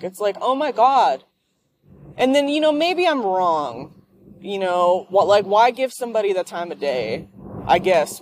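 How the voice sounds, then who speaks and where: A woman talks through a loose, profanity-laced rant from behind the wheel of her car, at a middling pitch. She rambles and doubles back on herself. A faint hum of road noise sits under her voice. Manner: profane, ranting. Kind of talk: rambling monologue while driving.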